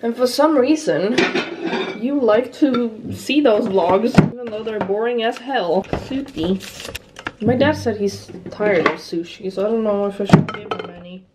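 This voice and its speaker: A woman's voice: a little high, measured pace, heavy background noise. A woman vlogging in a casual, chatty way, laughing often and swearing now and then. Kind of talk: casual vlog chat. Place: partly outdoors at night.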